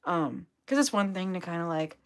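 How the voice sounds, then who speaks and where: A woman's voice: fairly low pitch, lively intonation, normal speed. A young adult woman telling a rambling, upbeat story on a casual livestream, full of fillers. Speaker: vlogger, duck owner.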